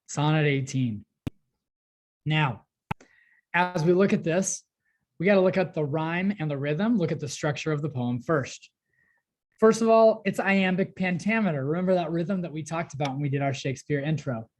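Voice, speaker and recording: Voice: mid-range voice, normal speed. A teacher recording an online class lesson, explaining a poem step by step with frequent "um" and "right?" checks. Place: home or classroom at a desk, working on a tablet.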